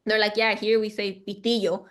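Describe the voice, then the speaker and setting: A woman's voice: medium pitch, level tone, normal speed. Woman co-host, Mexican-American, easygoing anecdotes full of fillers and Spanish phrases. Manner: storytelling with many fillers, bilingual asides. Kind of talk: casual chat.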